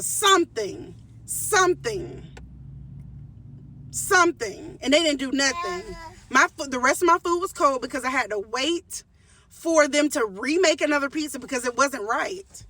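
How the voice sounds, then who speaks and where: A woman's voice: sits high, expressive, a little slow, pushed and bright, far from the mic. A woman telling a storytime to her viewers in a casual rant, emphatic and repeating her phrases with frequent restarts.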